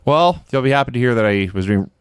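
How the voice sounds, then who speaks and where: A man's voice: mid-range voice, expressive, fast, clean tone, no room sound. A man co-hosting a podcast, recapping matches in a dry, wry storytelling way and laughing now and then. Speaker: podcast co-host. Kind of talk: casual chat recapping shows.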